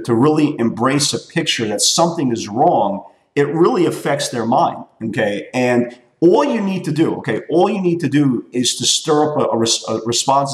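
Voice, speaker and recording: A man in his forties giving a market recap as a trading educator, emphatic and repetitive, often checking in with "okay?" and "right?". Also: medium pitch. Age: 40s. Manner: emphatic, repeats points, tags lines with "okay?" and "right?". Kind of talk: weekly market recap talk. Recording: roomy echo.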